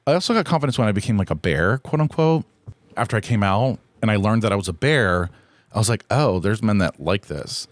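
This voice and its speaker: Low-voiced man rambling candidly. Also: lively intonation, fast, no echo. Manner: rambling, candid, profane and self-deprecating. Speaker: podcast host. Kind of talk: casual solo podcast chat.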